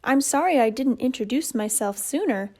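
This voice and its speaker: A woman voicing a shy, clever female crow who loves fishing, a touch higher and brighter than her narration. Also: lively intonation, normal speed. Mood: friendly.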